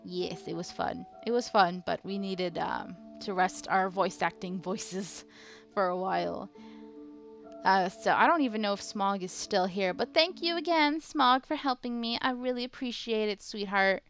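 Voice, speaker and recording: Young woman game streamer, slow and giggly, talks to chat, easily spooked, faint music behind. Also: medium pitch, fairly bright tone. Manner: giggly, easily frightened, chats with viewers. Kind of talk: casual live-stream chat.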